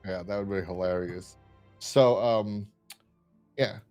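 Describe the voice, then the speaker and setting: A man's voice: fairly low pitch, slow pace, warm tone, faint music behind. A man co-hosting a casual review podcast, retelling scenes with lots of fillers and quoted lines. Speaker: podcast co-host. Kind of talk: casual chat.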